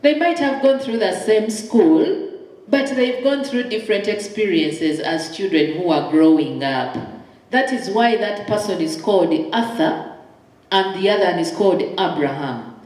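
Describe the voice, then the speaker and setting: A woman's voice: mid-range voice, animated, unhurried, a little mellow. A middle-aged woman, a counseling psychologist giving emphatic parenting advice and acting out little dialogues. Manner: emphatic, acts out short dialogues. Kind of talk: conversational advice talk. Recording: very echoey room.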